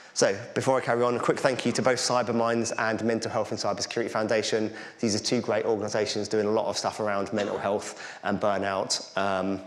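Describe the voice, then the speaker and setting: A man's voice: fairly low pitch, echoey room. A middle-aged Englishman, giving a candid, conversational talk with slides at a conference. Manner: candid, conversational, self-deprecating. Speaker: conference speaker.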